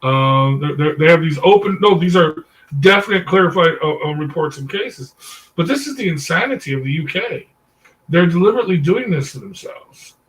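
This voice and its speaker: A man's voice: on the high side, animated, normal speed, a bit bright. A man leading a discussion group, telling a story in a rambling way, full of "um"s, stopping often to correct himself. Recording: voice distant from the mic.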